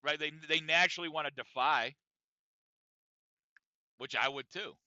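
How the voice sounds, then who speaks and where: A man's voice: a little high, unhurried, sharp tone, no echo. A man hosting his own podcast, talking bluntly and confessionally with a lot of profanity. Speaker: podcast host. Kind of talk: casual monologue podcast. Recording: dry, dull lo-fi sound.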